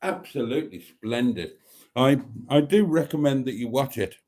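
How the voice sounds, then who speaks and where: This middle-aged livestream host has an expressive, somewhat mellow mid-range voice and talks at a normal speed. Reading viewer comments in a casual live chat, he's giggly and keeps bursting into laughter.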